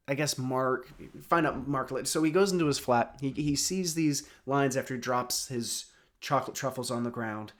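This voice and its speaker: A man's voice: medium pitch, a bit bright. A man in his thirties giving a casual spoken recap of a TV episode, rambling with lots of fillers and restarts. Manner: rambling, many fillers and restarts, chuckles often. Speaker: film and TV reviewer.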